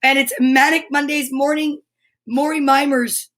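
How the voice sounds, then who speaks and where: Bubbly high-voiced woman hosting a kids' show. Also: unhurried, a bit bright. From United States. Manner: bubbly and enthusiastic, greeting viewers by name. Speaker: children's show host. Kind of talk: live-streamed kids' lesson.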